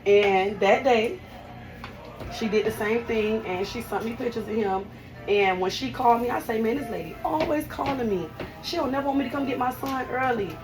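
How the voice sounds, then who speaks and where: A young woman tells a personal story to the camera in a raw, heartfelt voice that sits a little high. Her grief breaks through her voice. Soft music plays faintly behind her. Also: moderate pace, rough recording. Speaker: hairstylist.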